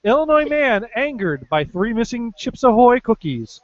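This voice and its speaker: A man's voice: big pitch swings, normal speed, no room sound. A man with an East Coast American accent co-hosting a casual podcast, reading odd news stories with dry, sarcastic asides. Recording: dull, low-fidelity podcast audio.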